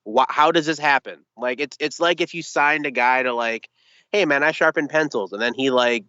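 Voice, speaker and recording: A young man telling a sports story in casual chat, animated, exasperated and comic. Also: mid-range voice, moderate pace, smooth, no echo, muffled recording. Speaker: podcast guest, sports commentator.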